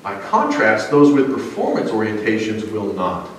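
A man preaching a sermon in a relaxed, conversational storytelling way, with frequent fillers, as a pastor who also teaches college. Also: fairly low pitch, moderate pace, a little hiss or hum. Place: church sanctuary. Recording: echoey church from a distance.

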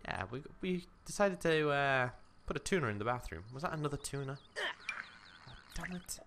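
A man's voice: mid-range voice, expressive, a little fast, fairly bright tone. A young man casually commenting on his life-simulation game, chatting to his character as he plays. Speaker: gaming commentator. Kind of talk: casual let's-play commentary. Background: game music.

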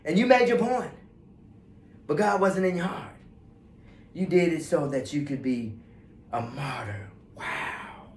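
A man preaching in a church, his voice sitting high for a man. It carries with a roomy echo around the sanctuary. He preaches with fervor, dropping low and quiet, then rising loud again. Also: sing-song, measured pace, long pauses, a little hiss or hum. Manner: fervent preaching that swings from hushed to loud. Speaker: pastor. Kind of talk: sermon.

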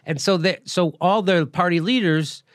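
A middle-aged man hosting a political commentary show, talking in an animated, emphatic, blunt and profane way. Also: high voice, normal speed, no echo, clean studio sound. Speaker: show host.

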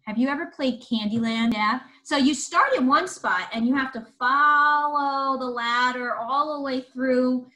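Husky woman, museum educator, animated kids' storytelling, slightly high voice, chatty. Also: poor audio. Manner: animated, chatty, asks the audience questions. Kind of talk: storytelling lesson for children.

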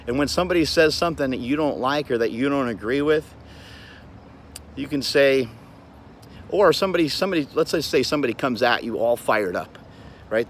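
A gym owner hosting his own show gives a blunt, preachy, profane motivational monologue, recorded on a phone outdoors. His voice is medium-pitched and a bit bright, with slight background noise.

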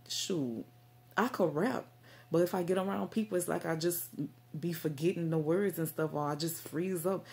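A Christian vlogger speaks straight to camera about faith and herself in a low, creaky, mellow voice. Her casual talk rambles, and she stumbles over words with plenty of fillers.

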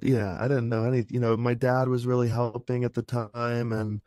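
A man's voice: medium pitch, level tone, moderate pace, a little mellow, dry recording, clean studio sound. A man being interviewed as a guest musician, answering thoughtfully about his past.

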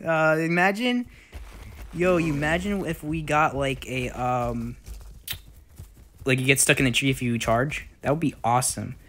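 A man's voice: fairly high pitch, a little slow, slight background noise. Rambling young man narrating gameplay. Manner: rambling, many fillers, excitable outbursts. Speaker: gaming YouTuber. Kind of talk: casual gameplay commentary.

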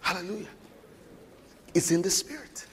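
A man preaching a sermon, animated and often putting questions to the congregation. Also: high-pitched, normal speed, a little hiss or hum.

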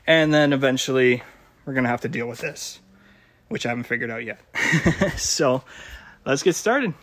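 A man's voice: mid-range voice, animated, moderate pace, a bit bright. A man from Canada running a shop, talking casually through a warehouse vlog, rambling with many fillers and little chuckles. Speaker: shop owner and vlogger. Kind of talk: casual behind-the-scenes vlog. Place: indoor warehouse.

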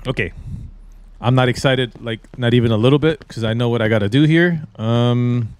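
A man's voice: mid-range voice, normal speed, a little mellow, smooth. A young man rambling and joking crudely while commentating on a horror game. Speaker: gaming channel host. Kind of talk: casual gameplay commentary.

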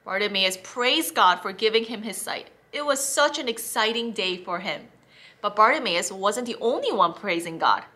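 A woman teaching children, reading a Bible story in an expressive, animated way. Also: mid-range voice, moderate pace.

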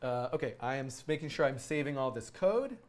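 A man's voice: medium pitch, expressive, a little fast. A man hosting a casual coding live stream, talking students through project ideas in a rambling, enthusiastic way with many ums and restarts.

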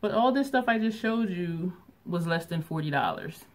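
A woman's voice: lowish voice, animated, normal speed. A middle-aged woman chatting casually through a shopping haul vlog, laughing often and thinking aloud. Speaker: beauty vlogger.

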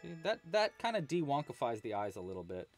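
Relaxed man murmuring through a crochet stream. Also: medium pitch, fast talker, soft background music. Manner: relaxed, murmurs to himself while working, chatty with viewers. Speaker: crochet livestream host. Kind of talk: casual livestream tutorial.

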